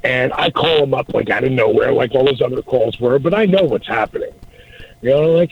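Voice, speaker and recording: A middle-aged man casually telling a story as a guest, animated and acting out the dialogue. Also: mid-range voice, a little fast, vocal fry, breathy edge. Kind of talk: casual anecdote. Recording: dull lo-fi audio.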